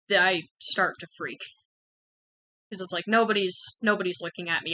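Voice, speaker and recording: A woman's voice: fairly low pitch, bright, forceful tone, low-quality recording. A young woman candidly telling a personal story in a frank, conversational way, full of "like" and "um". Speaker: channel host sharing personal experience.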